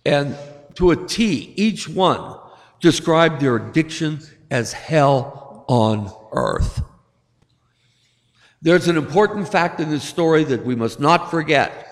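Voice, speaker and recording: A male pastor preaches a sermon with long hall reverb, his voice a little high, animated and slow. He tells stories and acts out the voices of his characters, building emphasis as he goes.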